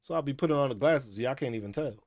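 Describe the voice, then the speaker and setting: A man's voice: medium pitch, lively intonation, fast talker, darkish tone, dry recording. A man hosting a casual chat stream, talking in a laid-back, profane way and laughing often. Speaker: streamer host.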